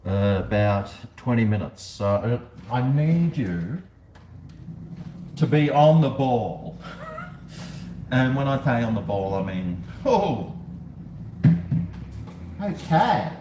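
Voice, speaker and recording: With a mid-range voice, big swings in pitch and a mellow tone, the Australian livestream host takes things slowly and leaves long pauses. He chats casually with jokey asides and talks to his dog, moving between the inside of his house and the balcony. The space sounds echoey, with faint background noise.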